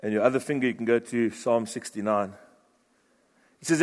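A man preaching a sermon with passion, shifting from loud urgent bursts to hushed, low phrases. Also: moderate pace, long pauses. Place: church hall. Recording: long reverb of a large hall.

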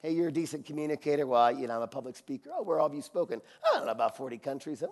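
A man delivers a sermon in a fairly high voice, spinning a personal story with lively acted-out dialogue. He laughs readily and drops to a hushed, earnest tone when the story turns serious. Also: moderate pace, slightly rough. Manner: animated, acts out voices in his anecdotes, laughs often; drops to a quiet, low, intimate tone for serious parts. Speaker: preacher.

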